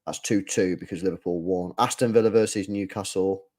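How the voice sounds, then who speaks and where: With a low voice and a brisk pace, a man hosts a live football watch-along, bantering in slang, reading out chat, and reacting with excited outbursts as the action heats up.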